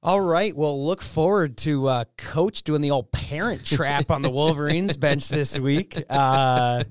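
A young man hosting a sports podcast, relaxed and self-mocking in casual chat. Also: a little high, measured pace, clean tone, no echo, studio quality. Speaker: podcast host.

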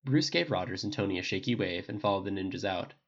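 An audiobook reader narrating fan fiction with a lively, expressive delivery. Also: sits low, fast, muffled recording.

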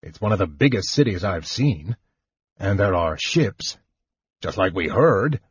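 A man's voice: low-pitched, animated, a little slow, slightly rough, no room sound, full character voice. A man voicing a big, simple-hearted young male warrior who talks plainly. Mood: uneasy. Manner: plain, puzzled. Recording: dull dry recording.

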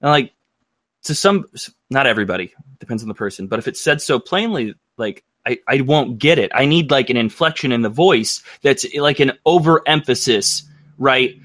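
A man's voice: medium pitch, expressive, normal speed, fairly bright tone, no room sound, studio quality. An American man hosting a casual livestream, rambling and thinking aloud. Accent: American English. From United States. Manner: rambling, thinks aloud with many fillers and restarts.

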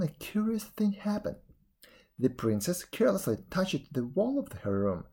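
A man reading a fairy tale aloud, expressive storytelling with a few slips. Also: on the high side, slightly rough. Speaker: reader.

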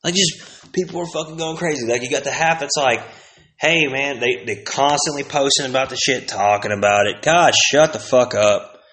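A man's voice: medium pitch, normal speed, fairly bright tone. A man talking in a casual, profane monologue, rambling through rants and stories and acting out other people's voices. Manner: profane, rambling storytelling rant.

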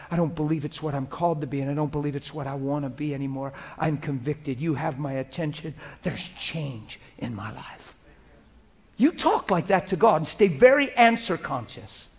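High-voiced preaching man, loud then hushed. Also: a little fast. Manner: swings from loud exhortation to hushed modeled prayer; repetitive, conversational preaching. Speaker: pastor. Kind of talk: sermon.

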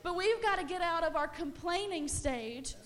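At a moderate pace and with lively intonation, a young woman gives an impassioned sermon in a bright, high voice. Her urgent, earnest delivery piles up short repetitions until she is nearly shouting.

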